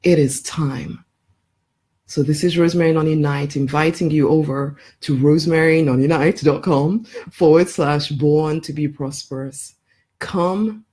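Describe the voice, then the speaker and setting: A woman whose voice sits low, with a dark and slightly rough tone, is a life coach pitching emphatically to camera in a promotional live video. She keeps repeating her points and calling the listener honey, with frequent laughs between phrases.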